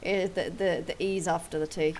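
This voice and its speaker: A woman's voice: fairly low pitch, fairly even intonation, normal speed, darkish tone, a little hiss or hum, poor audio. A woman streamer chatting casually while playing, rambling and hesitant with many fillers. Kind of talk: casual live-stream chat. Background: background music.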